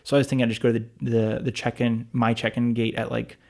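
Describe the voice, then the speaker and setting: Fast-talking man telling a rambling story. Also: mid-range voice, flat delivery, creaky, darkish tone. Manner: rambling storytelling with many restarts and asides. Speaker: podcast co-host. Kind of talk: casual chat.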